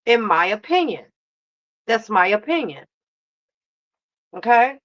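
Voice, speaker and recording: A woman hosts a casual live reaction stream in a drawling, sassy way, calling her viewers baby and love. Her voice sits a little high. The sound is dry and close, with a dull, lo-fi edge. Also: big pitch swings, slow pace, a bit bright, no room sound. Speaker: reaction channel host.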